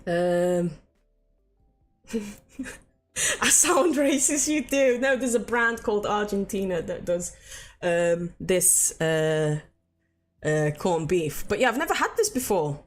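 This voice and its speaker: A woman's voice: medium pitch, animated, slow, long pauses, faint music behind. A young woman talking casually to her stream audience in a mid-range voice. She rambles cheerfully, drops swear words freely and breaks into laughter often. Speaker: game streamer. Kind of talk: casual live-stream chat.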